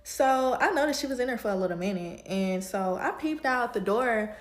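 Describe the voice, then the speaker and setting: A woman who does hair from home, telling an animated storytime to camera. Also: on the high side, normal speed, roomy sound. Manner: animated, builds to heated retelling. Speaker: home-based hairstylist.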